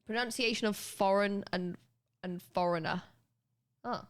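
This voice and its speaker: Young british woman, livestreamer, casual chat, animated, swears, laughs a lot. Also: mid-range voice, unhurried, clear, resonant tone. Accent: British English. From United Kingdom.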